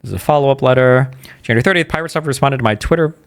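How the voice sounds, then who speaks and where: Male podcast host, very fast talker, casual and skimming. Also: medium pitch, clear, resonant tone. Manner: rapid, reads documents aloud, skims with blah blah.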